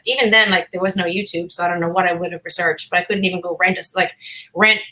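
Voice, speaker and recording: Bright-voiced chatty woman from Boston. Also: lowish voice, steady tone, fast, rough recording. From Boston, USA. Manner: chatty, self-deprecating, swears casually. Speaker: actress guest. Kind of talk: casual interview chat.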